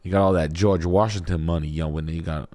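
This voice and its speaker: Low-voiced crude joking man. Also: steady tone, brisk, warm tone. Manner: crude, joking, laughs a lot. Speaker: realtor and stream host. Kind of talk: casual livestream banter.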